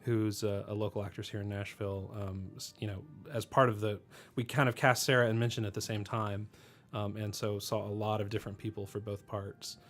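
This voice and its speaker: A man reflecting on casting and directing his animated film in a relaxed commentary, pausing often with "um". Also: lowish voice, soft background music. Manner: thoughtful, many "um" pauses.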